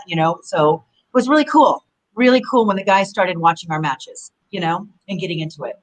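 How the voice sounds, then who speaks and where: A woman in her forties talks as an interview guest in a middle-pitched voice. She rambles through animated stories and leans on "you know" as she goes. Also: brisk, low-quality recording. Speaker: guest, former pro wrestler. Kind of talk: casual interview storytelling.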